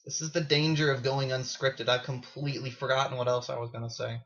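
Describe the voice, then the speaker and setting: A man's voice: mid-range voice, level tone, brisk, a bit bright, muffled recording. A man telling an unscripted story in a casual, sarcastic way, swearing freely, recorded on a built-in camera mic. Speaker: gaming video creator.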